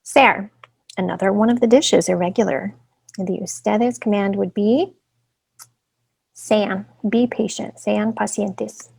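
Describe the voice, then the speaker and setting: A woman's voice: mid-range voice, moderate pace, vocal fry, darkish tone, breathy edge. A woman Spanish teacher giving a recorded classroom lesson, explaining step by step and often checking in with "right?".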